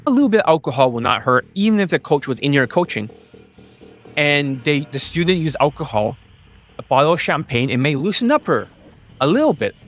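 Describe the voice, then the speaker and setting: A man's voice: big pitch swings, brisk. Profane, emphatic man ranting to camera. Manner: profane, emphatic, stresses words with rising pitch. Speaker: dating coach.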